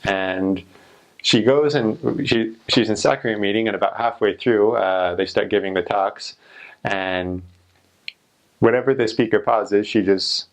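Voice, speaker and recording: A young man with a somewhat low voice tells a story, rambling and chatty. He leans on "like" fillers and loose restarts as he goes. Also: unhurried, poor audio. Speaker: returned missionary. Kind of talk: casual storytelling.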